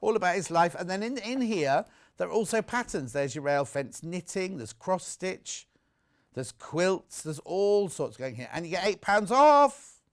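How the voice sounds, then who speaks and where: A chatty man hosting live TV sales, his voice sitting a little high and swooping up and down as he gets excited. He rambles from one aside to the next in a loose studio chat. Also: measured pace. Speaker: shopping channel presenter.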